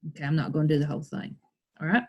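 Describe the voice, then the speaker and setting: A woman's voice: deep voice, fairly even intonation, very fast, a little mellow, muffled recording. An American woman teacher patiently walking children through a recorded screen tutorial, step by step.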